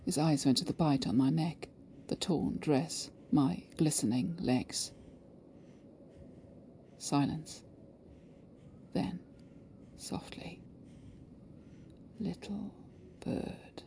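A woman narrating an erotic story in a slow, breathy way, often sinking into hushed whispers. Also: deep voice, a little hiss or hum, low-quality recording. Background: background music.

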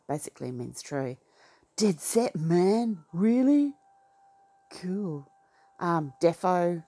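A woman from Western Australia with an Australian accent, casually reading through a slang list and adding low-key asides and comments. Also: vocal fry. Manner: low-key, drops into soft asides, laughs at her own remarks. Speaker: vlogger.

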